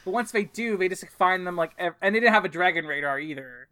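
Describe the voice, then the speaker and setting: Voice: medium pitch, lively intonation, fast, pushed and bright, smooth, no echo. A co-host on a casual podcast, chatty, who says "like" a lot.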